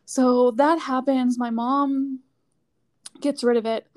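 A woman's voice: high-pitched, fairly even intonation, takes it slowly, a little mellow. A woman chatting casually, telling a story with lots of "like" fillers. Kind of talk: casual chat.

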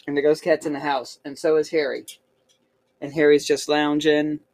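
A woman's voice: low-pitched, little pitch movement, normal speed, darkish tone. A woman in her forties hosting a podcast from home, chatting casually in a playful, teasing way. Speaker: podcast host. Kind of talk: casual family chat. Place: at home, indoors.

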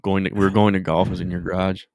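A man's voice: low voice, little pitch movement, very fast, a little hiss or hum. A man co-hosting a podcast, chatting casually and laughing often as he tells stories. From Michigan, USA. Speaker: podcast co-host. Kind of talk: casual chat.

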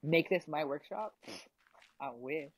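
Giggly young woman with a lively voice. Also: deep voice, unhurried, low-quality recording. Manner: giggly, rambling, lots of fillers; eating while talking. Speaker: vlogger. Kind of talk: casual chat.

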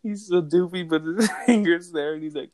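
A man's voice: on the high side, moderate pace, a little mellow. A young man co-hosting a podcast, joking and laughing as he retells movie scenes and quotes lines in casual chat. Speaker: podcast co-host.

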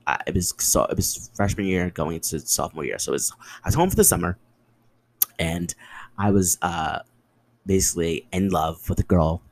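Lively low-voiced young man. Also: moderate pace, a little hiss or hum. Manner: animated, profane and dramatic, answering his own questions. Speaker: podcast host. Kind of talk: casual storytelling monologue.

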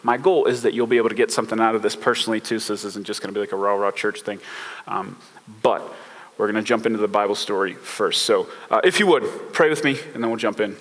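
A man, a pastor, preaching a relaxed, conversational sermon with many fillers and informal slang. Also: lowish voice, quick pace, big-room sound.

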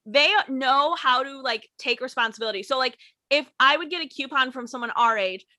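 A young woman venting in casual conversation, her voice high and bright. She tells blunt, profane stories and mimics the customers. The sound is dry and close, with no room echo. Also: a little fast. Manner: blunt, profane storytelling with mocked customer quotes. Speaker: former waitress and bartender. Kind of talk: casual chat.

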